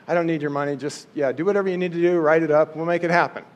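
Man doing an indifferent king, offhand, dismissive, slightly high voice. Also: fairly even intonation, racing, in a large hall, natural voice. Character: bored indifferent male king.

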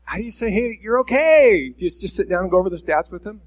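Higher-voiced man giving a candid sermon. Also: racing. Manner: candid, self-deprecating, speaks directly to listeners. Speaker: pastor. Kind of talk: conversational sermon.

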